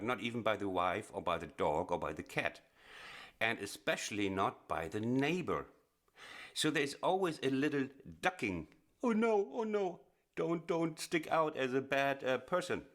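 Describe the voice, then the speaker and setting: A man teaching blues piano in a chatty, explanatory way, often pausing with fillers and restarting phrases. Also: on the low side, fairly bright tone. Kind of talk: casual instructional explanation. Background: piano playing.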